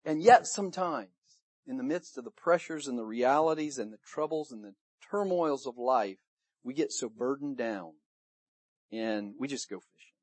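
A man preaching a sermon to his church, retelling the story in a lively way and acting out the people he quotes. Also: medium pitch, normal speed, no echo. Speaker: pastor. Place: church service room.

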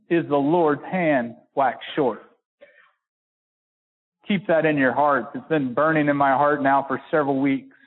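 Man preaching over a tinny line. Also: fairly even intonation. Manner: builds to high emphatic peaks, slows to stress words; folksy with repeated restarts. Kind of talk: sermon with scripture reading. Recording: narrow phone-like sound.

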